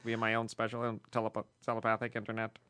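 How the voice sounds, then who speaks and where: A man's voice: on the low side, completely flat delivery, fast talker, pushed and bright, clean tone. A man co-hosting a comedy podcast, playful and giggly in casual banter. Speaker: podcast co-host and voice performer. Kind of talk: casual chat.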